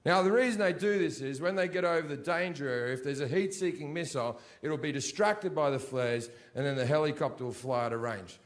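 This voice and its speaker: A man telling a crude, deadpan story as a stand-up comedian, breaking into sudden shouted outbursts. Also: fairly high pitch, a little fast, few pauses. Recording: live show with audience noise behind.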